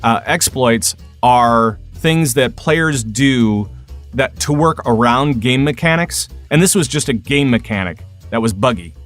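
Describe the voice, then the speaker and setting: A man's voice: mid-range voice, lively intonation, measured pace, fairly bright tone, faint music behind. A man hosting a gaming podcast, reading plugs and chatting loosely with plenty of fillers. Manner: rambling, filler-heavy, laughs easily. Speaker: podcast host. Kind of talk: casual podcast chat.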